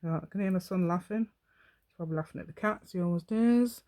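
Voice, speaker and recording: A woman's voice: on the low side, fast, mellow. A woman giving a chatty craft demonstration at home, rambling and talking to herself while she works.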